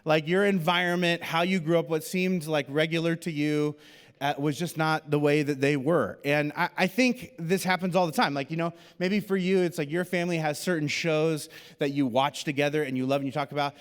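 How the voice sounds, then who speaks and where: Brief: male pastor, lively storyteller, slightly high voice, long reverb from the hall. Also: brisk, smooth. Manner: animated storyteller, acts out quoted voices. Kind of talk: sermon with personal storytelling. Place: church auditorium.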